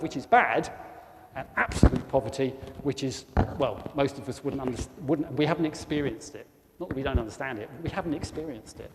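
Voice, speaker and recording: A man with a South East English accent giving an informal talk to a church congregation as a guest speaker, chatty and forever asking the room tag questions. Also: fairly high pitch. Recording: long church reverb, faint noise.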